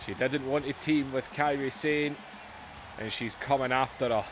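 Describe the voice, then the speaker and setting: A man hosting a gaming channel narrates wrestling matches like a TV commentator. His voice sits mid-range and gets excitable with the action. A faint hiss sits underneath. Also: medium pitch, moderate pace. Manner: excitable play-by-play, yelling and laughing at big moments. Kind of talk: mock wrestling commentary over a video game.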